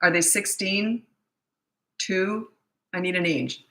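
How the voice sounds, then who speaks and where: A woman's voice: on the low side, takes it slowly, a bit bright. A middle-aged woman hosting a live parenting Q&A, chatty, blunt and self-deprecating as she answers viewer questions. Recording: echoey room.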